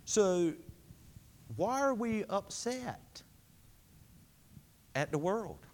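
A man preaches to his congregation in a high voice, asking questions and answering them himself. He swings between high, emphatic lines and low, quiet ones. His voice rings out with a long reverb from the hall around him. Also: animated, very slow. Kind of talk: sermon.

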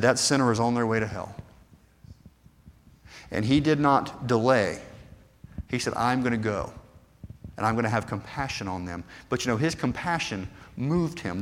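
A man preaching a sermon earnestly, moving from hushed passages to fervent, rising appeals. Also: medium pitch. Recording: long hall reverb.

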